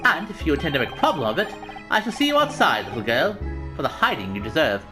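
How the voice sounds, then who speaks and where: A man voicing a haughty upper-class English gentleman in a video game, with a pompous, formal and cutting manner. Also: fairly high pitch, very animated, quick pace, music in the background.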